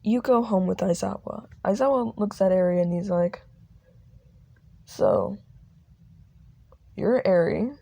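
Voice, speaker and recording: A young woman narrating a fan audio drama slowly, halting and restarting. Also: medium pitch, gravelly, dark tone, lo-fi sound.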